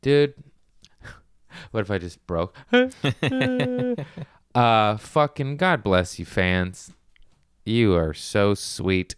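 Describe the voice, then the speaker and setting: A man hosts a loose comedy podcast, talking in a lowish, clean and smooth voice. He rambles through profane stories and keeps jumping into excited bursts. The sound is dry and close, with no room around it. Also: drawn-out words, pauses often, no echo. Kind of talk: casual podcast chat.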